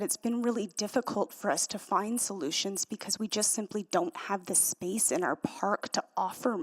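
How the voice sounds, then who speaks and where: Earnest woman testifying at a council hearing. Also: medium pitch. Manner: earnest, measured, persuasive. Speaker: community representative speaking at a council hearing. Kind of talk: public hearing testimony, unscripted. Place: council chamber.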